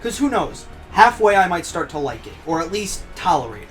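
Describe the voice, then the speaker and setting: A man's voice: sits high, very animated, fairly quick, soft background music. A young man chatting casually as a guest on a gaming podcast, stating his opinions in a matter-of-fact way.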